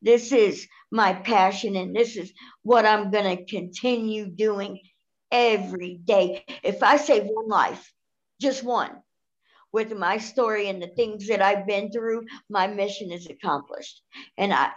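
A woman telling her personal story in an earnest, steady way. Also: mid-range voice, a little slow. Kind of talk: personal testimony. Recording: dull lo-fi sound.

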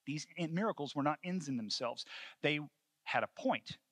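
A man in his thirties preaching a sermon, earnest, moving between hushed storytelling and fervent calls. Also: fairly high pitch, animated, moderate pace, no echo. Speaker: pastor.

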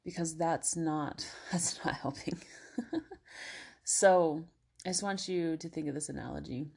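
A woman with a low, slightly breathy voice hosts a casual self-help podcast. She talks gently and encouragingly, full of everyday fillers, and at times eases into soothing guided relaxation. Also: unhurried. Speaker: podcast host.

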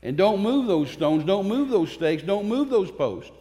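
A man with a high, warm, very animated voice preaches fervently to his congregation in a church sanctuary, emphatic and repeating phrases for force between pauses. The sound has the long reverb of a church hall.

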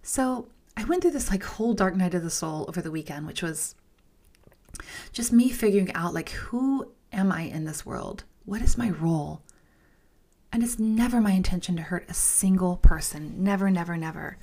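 A woman's voice: on the low side, expressive, moderate pace, mellow. A woman hosting a podcast, telling a personal story in a candid, emphatic way, repeating words for stress, often dropping to a whisper and speaking to listeners as "you guys.". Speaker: podcast host.

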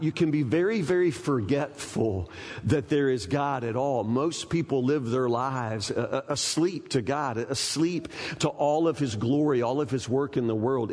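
A man, preaching a sermon with folksy, animated storytelling. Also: medium pitch, in a large hall. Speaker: pastor.

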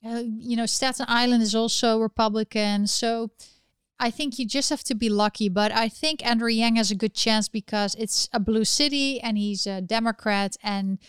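Chatty woman with a smooth, higher voice. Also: steady tone, normal speed, no echo, clean studio sound. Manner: chatty, opinionated, with frequent restarts. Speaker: live chat host. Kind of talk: casual livestream chat.

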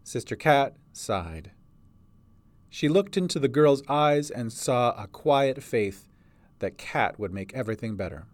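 A man's voice: mid-range voice, expressive, a little slow, no echo. A man narrating a storybook reading as its writer and producer.

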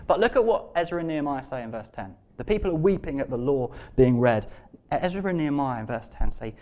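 A man preaching a sermon, moving between quiet, hushed scripture reading and rising, emphatic appeals. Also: mid-range voice, animated, quick pace.

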